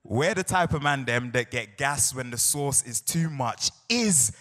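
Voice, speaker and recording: A man's voice: medium pitch, moderate pace, sharp tone. A young man with a South London accent, performing spoken word poetry and bantering playfully with a live crowd. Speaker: poet. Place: large hall on stage with audience. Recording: live hall recording with long reverb.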